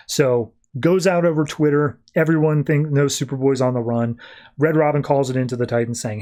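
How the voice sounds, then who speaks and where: A man's voice: medium pitch, darkish tone. Casual man recapping a comic. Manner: retells scenes, quoting characters in quick offhand voices; loose, filler-heavy delivery with "like" and "uh". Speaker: podcast host.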